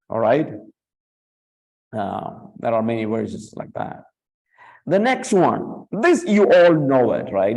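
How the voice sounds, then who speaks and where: A man's voice: medium pitch, a little mellow, low-quality recording. A man giving a classroom lecture as a Bible teacher, repeating key words, often checking in with "right?", and lifting his voice on scripture quotes. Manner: reads scripture quotes with raised emphasis.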